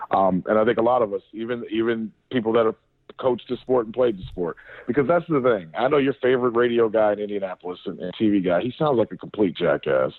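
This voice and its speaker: A man's voice: fairly low pitch, dry recording. Man on a tinny phone line. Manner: animated storyteller, swears, frequent restarts. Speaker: podcast co-host. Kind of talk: casual sports chat.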